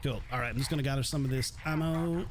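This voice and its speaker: A man's voice: medium pitch, fast talker, noisy background. A man streaming live gameplay, chatting in a friendly way and greeting his chat by name.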